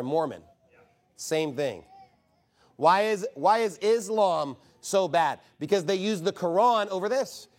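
A man delivers a sermon from the pulpit. He is emphatic and rhetorical, firing questions at the congregation and mocking objections in quoted voices. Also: high-pitched. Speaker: pastor.

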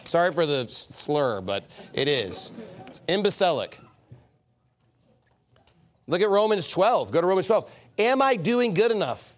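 Male pastor, high voice with wide swings, sermon delivery, mocking edge. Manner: animated, mocking, emphatic preaching.

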